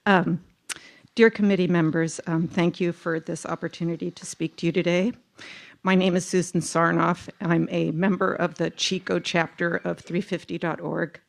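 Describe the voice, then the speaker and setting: A woman in her sixties speaks in an earnest, emotional voice, pitched somewhat low and edged with gravel. She reads a prepared public comment at a committee meeting, now and then pausing on an um. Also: little pitch movement. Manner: earnest, emotional, with filler ums. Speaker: public commenter, retired teacher.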